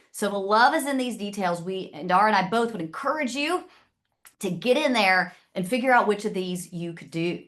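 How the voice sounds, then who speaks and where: A woman's voice: medium pitch, fairly bright tone. A woman from the American South with a Southern accent, presenting to an audience in a chatty, direct way. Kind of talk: casual talk to an audience.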